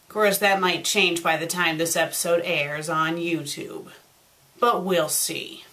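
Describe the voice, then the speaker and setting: Exasperated woman reviewer: dry sarcasm, bright edge, unhurried. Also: medium pitch. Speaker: fanfic reviewer. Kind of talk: comedic online review.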